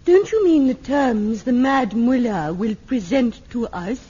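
Breathy, slow melodramatic woman. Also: on the high side, lively intonation, dark tone. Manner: slow, melodramatic stage delivery. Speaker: amateur actress in a sitcom scene. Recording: dull lo-fi old TV sound.

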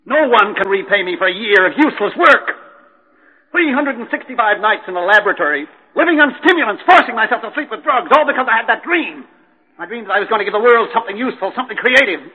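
A raving, unhinged chemist. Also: male voice, high voice, animated, fast talker, breathy edge. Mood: despairing. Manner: raving, swinging from murmurs to shouts. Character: desperate unhinged male chemist, bitter and suicidal. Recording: tinny old broadcast with long reverb.

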